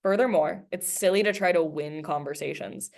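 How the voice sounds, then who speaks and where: A woman's voice: sits low, moderate pace, gravelly, a little mellow. A woman teacher giving a recorded class lesson, chatting with students and reading a book aloud, acting out the quoted dialogue. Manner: conversational, acts out quoted dialogue while reading.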